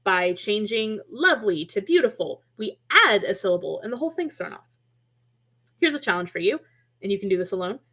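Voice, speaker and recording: A woman's voice: mid-range voice, big pitch swings, fairly quick, fairly bright tone. A woman presenting an online lesson on poetry and music, explaining in a friendly, casual way with small asides and self-corrections, heard through a computer mic.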